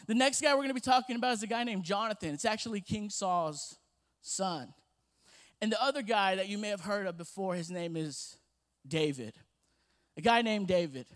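A young man preaching a sermon, telling a family story with lively voices before moving into scripture. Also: sits high.

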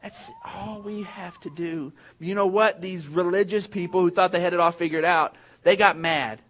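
A man's voice: sits high, fairly even intonation, normal speed, fairly bright tone. A man preaching a sermon as pastor, telling a funny personal story and then making an earnest point to the congregation.

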